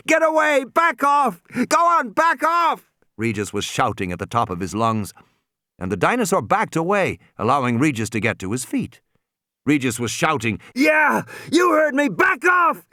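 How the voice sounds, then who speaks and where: A man reading an audiobook aloud with energetic, lively storytelling into a close microphone. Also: medium pitch, no room sound. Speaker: audiobook narrator. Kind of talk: scripted audiobook narration.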